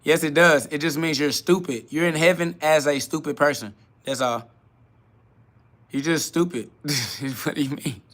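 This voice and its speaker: A man's voice: fairly high pitch, moderate pace, pauses often, fairly bright tone. A man hosting a live solo podcast, reading chat questions aloud and answering them bluntly, mocking the askers and laughing often. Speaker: podcast host.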